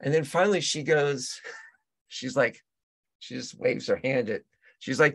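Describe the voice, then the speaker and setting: A man being interviewed as a real estate agent and coach, telling stories in a lively, casual way with many restarts. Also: medium pitch, unhurried, vocal fry, long pauses. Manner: animated storyteller, trailing restarts. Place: Colorado.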